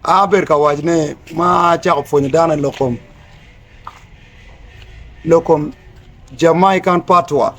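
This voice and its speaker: A man giving a spoken lesson on word meanings, mixing English with another language and spelling words out slowly. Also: a little high, vocal fry, a bit bright. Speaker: teacher of Rasta language.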